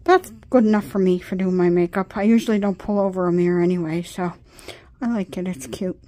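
A woman's voice: lowish voice, brisk, mellow. A tired woman chatting casually at her desk at home, rambling and getting sidetracked as a vlogger. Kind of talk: casual chat.

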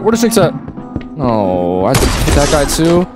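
A man's voice: mid-range voice, moderate pace. Hyped guy playing a horror game, voice jumping way up and down, game music going underneath. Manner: excitable, trash-talks game characters, yells when startled. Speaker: gaming YouTuber. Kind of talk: let's play commentary. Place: home gaming setup.

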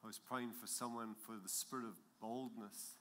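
A man's voice: on the low side, steady tone, moderate pace, fairly bright tone, a little hiss or hum. A man preaching a sermon as pastor, with an accent, emphatic and building in intensity, chuckling at his own jokes.

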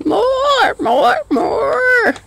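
A woman's voice: very high-pitched, very animated, very slow, vocal fry, crowd noise, voice pushed up, exaggerated voice. A woman voicing a greedy, clamoring flock of hens that shrilly squawk their demands.

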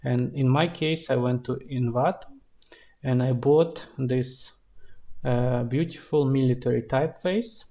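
A man with a voice of average pitch walks through his game project in a tutorial voice-over. He explains each step in a relaxed, steady way. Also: unhurried. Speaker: indie game developer. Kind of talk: screen-recorded tutorial narration.

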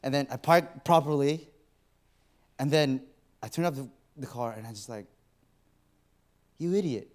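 A man's voice: mid-range voice, moderate pace, long pauses. A man preaching a sermon in a church, telling a personal story and acting out his own inner voice. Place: church auditorium.

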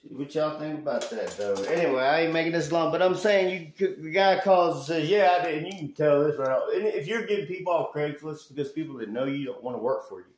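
A man from Alabama, vlogging casually about his renovation work with a rambling, folksy manner that swings into loud rants. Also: fairly high pitch, expressive, fast talker, hardly any pauses, slight background noise. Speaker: handyman vlogger. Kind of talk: casual vlog chat. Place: house under renovation, indoors. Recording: echoey room.

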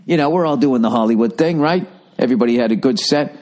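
At home, with birds chirping outside, a male podcast host rants casually and profanely, sounding exasperated and mocking others in put-on voices. His mid-range voice is fast and darkish in tone, with lively intonation.

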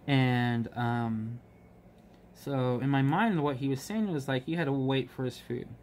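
A man chatting casually about his work as a restaurant manager, rambling with many ums and restarts and getting animated when he quotes people. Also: mid-range voice, measured pace, a little hiss or hum. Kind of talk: casual storytelling while crafting.

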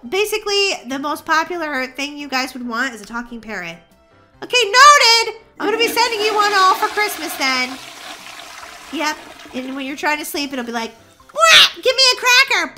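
A woman's voice: high-pitched, sharp tone. A woman hosting a gaming video, giving silly, playful commentary and singing goofy bits. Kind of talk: gameplay commentary.

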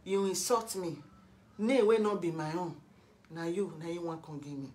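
A woman's voice: on the low side, moderate pace, darkish tone. A middle-aged Nigerian woman from Edo State speaking Nigerian Pidgin English, scolding a rival in a lecturing vlog monologue full of rhetorical questions. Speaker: vlogger.

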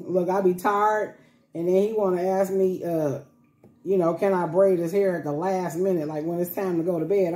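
Woman vlogger, chatty and repetitive, laughs easily; warm low voice, echoey home room. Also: measured pace, pauses often. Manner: chatty, repeats herself, laughs often. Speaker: vlogger caring for baby dolls. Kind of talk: casual chat to camera. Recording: echoey room with faint background noise.

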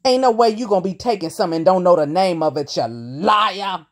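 Woman roasting some guy for her viewers, lively up and down voice, sassy. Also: lowish voice, a little fast. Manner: sassy, teasing, talks to viewers as y'all. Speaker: reaction commentator. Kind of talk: mocking reaction commentary.

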